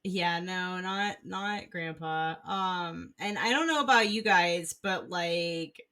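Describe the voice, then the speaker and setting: A woman co-hosting a relaxed book club podcast, talking slowly with plenty of "like" and "um". Her voice is bright and forward. She circles her point before landing it. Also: fairly low pitch. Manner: rambling, many fillers and restarts. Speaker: podcast co-host. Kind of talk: casual book club chat.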